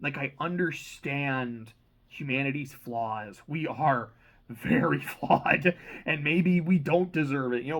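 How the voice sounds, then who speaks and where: A young man giving a casual, excitable book reaction, rambling and swearing freely. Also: mid-range voice, measured pace, rough recording. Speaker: reaction channel host.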